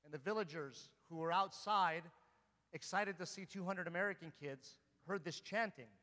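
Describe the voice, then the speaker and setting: A male priest delivers a sermon in a church, his voice bright and forceful and a little higher than most men's. He speaks earnestly and keeps turning to his listeners with rhetorical questions. A long reverb from the large hall trails behind every phrase. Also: moderate pace. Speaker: Orthodox priest.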